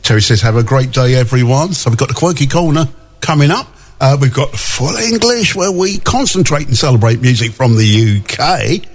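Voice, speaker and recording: A man's voice: mid-range voice, expressive, normal speed. A male radio host chatting and reading out listener messages in a jokey way, laughing often.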